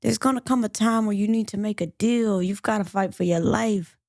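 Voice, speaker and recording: A woman's voice: mid-range voice, moderate pace, darkish tone, no room sound, clean studio sound, lightly acted. A woman voicing a male detective playing good cop, urging a suspect to come clean. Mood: coaxing. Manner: persuasive, urging.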